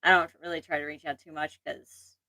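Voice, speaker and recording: A woman's voice: low voice, little pitch movement, brisk, bright, forceful tone, no echo, low-quality recording. A young woman hosting a casual livestream chat, rambling and self-deprecating, with restarts, laughs and an occasional allergy cough. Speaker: channel host.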